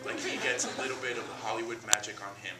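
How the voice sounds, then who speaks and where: A man from Miami performing an animated, self-mocking comic monologue on a theater stage. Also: lowish voice, fast talker, distant mic. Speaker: solo performer. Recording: roomy stage taped from afar, noisy.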